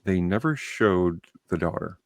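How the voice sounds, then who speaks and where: A man's voice: low-pitched, unhurried, dry recording, studio quality. A man, hosting a podcast and telling a story in casual chat, blunt and full of swearing. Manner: blunt and profane, animated storyteller. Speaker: podcast host.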